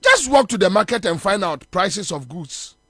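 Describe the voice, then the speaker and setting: Ghanaian radio guy ranting about politics, high voice, repeats himself, dry studio sound. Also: sing-song, normal speed, bright, forceful tone, dry recording. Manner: combative, scornful, repeats phrases for emphasis. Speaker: radio morning show host.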